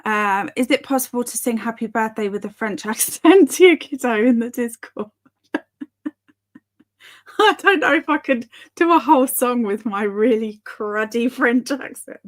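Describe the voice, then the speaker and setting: A woman's voice: a little high, lively intonation, measured pace. Giggly streamer woman, thirties, easygoing live chat with viewers. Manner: giggly, chatty, reads chat aloud. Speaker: booktube streamer hosting reading sprints. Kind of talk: casual live-stream chat reading comments.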